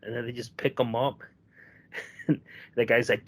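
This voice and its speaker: A young man co-hosting a casual podcast chat. He tells long, rambling stories laced with swearing and jumps into voices when quoting people. His voice sits at a middling pitch. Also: steady tone, a little fast. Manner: rambling storyteller, profane, acts out quotes. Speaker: podcast co-host.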